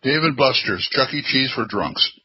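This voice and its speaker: A man's voice: mid-range voice, animated, moderate pace, slight background noise. Upbeat host, man, bouncy intonation, muffled lo-fi recording. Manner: jokey, upbeat, steers the talk. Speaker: podcast host. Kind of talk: casual chat. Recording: dull lo-fi audio.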